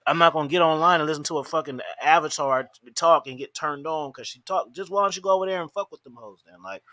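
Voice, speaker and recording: A man in a studio podcast, talking in crude, animated, mocking banter and laughing often. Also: a little high, quick pace, dry recording. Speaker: podcast host.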